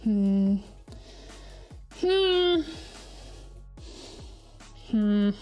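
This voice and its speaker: A woman's voice: medium pitch, big pitch swings, very slow, a little mellow, soft background music. A woman streaming live, chatting casually with her viewers and reading their messages aloud. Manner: chatty, laughing, reads chat aloud. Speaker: virtual streamer.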